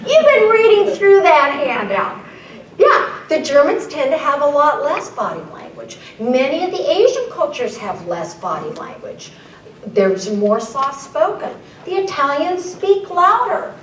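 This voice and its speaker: A woman's voice: high voice, big pitch swings, measured pace, recorded from a distance, a little hiss or hum. A woman keynote speaker presenting live to an audience, playful and often asking the room questions. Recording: echoey room, voice a little off-mic.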